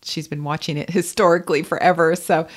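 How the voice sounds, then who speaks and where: A woman co-hosting a casual chat, a Chinese medicine practitioner who talks in an animated way and laughs often. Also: deep voice, brisk.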